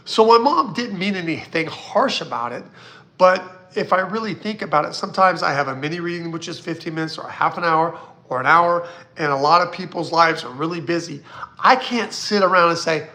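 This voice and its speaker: A man with a bright, sharp tone hosts a casual live stream. He talks bluntly, swears now and then, and reads viewer questions aloud. His voice sits high and carries a gravelly rasp. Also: fairly quick. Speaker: psychic hosting a live Q&A.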